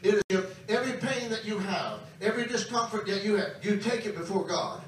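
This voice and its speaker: A man's voice: sits high, expressive, brisk, slight background noise. A man preaching a camp meeting sermon, emphatic and calling out to his congregation. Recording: very echoey hall, distant mic.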